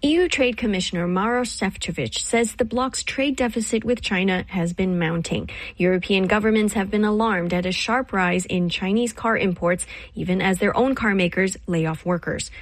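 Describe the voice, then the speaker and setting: A woman correspondent giving a radio news report in an even, informative way. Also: medium pitch, moderate pace, hardly any pauses, dry recording.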